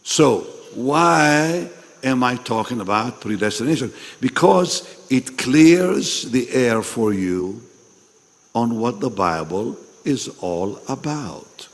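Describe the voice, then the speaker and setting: A man preaches at an unhurried, drawn-out pace, his voice still strained after losing it the night before. He leaps from loud, ringing calls down to hushed, breathy asides. The sound carries a long reverb, as in a large meeting hall. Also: medium pitch, lively intonation. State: recovering from a lost voice. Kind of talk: sermon to pastors.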